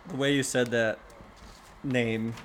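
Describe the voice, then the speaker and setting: Easygoing male co-host, mid-pitched. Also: steady tone, slow, a loud crowd. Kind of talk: casual interview chat.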